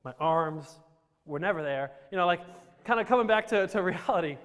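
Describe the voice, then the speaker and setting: A man from Romania telling his life story to a live audience with self-deprecating jokes and rambling restarts. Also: high-pitched. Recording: reverberant hall.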